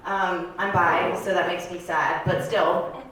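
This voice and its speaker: Rambling deadpan woman in an echoey club. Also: fairly low pitch, slow pace, noisy background. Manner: deadpan, rambling confessional delivery with filler words. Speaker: stand-up comedian. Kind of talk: stand-up comedy set. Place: comedy club stage. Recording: echoey club room from far off.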